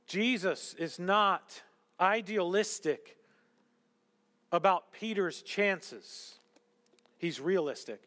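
A man preaching a sermon as pastor, animated, acting out quotes and dropping to hushed whispers. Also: high voice, drawn-out words, long pauses, in a large hall.

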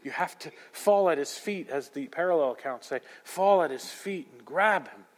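A man preaching a sermon, moving between loud proclamation and hushed, intense passages. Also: on the high side, expressive, moderate pace. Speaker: pastor. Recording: long hall reverb.

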